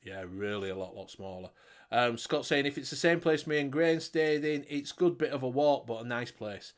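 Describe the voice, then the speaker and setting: A man's voice: medium pitch, normal speed. A man with a Northern English accent, co-hosting a casual show and telling a long, sweary pub joke with voices for each character. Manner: animated storyteller, swearing freely, voicing characters. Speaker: vape show co-host.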